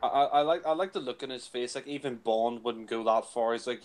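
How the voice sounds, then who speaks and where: A man's voice: medium pitch, fairly quick, low-quality recording. A man casually commentating on a film, blunt and crude, with lots of fillers like "you know".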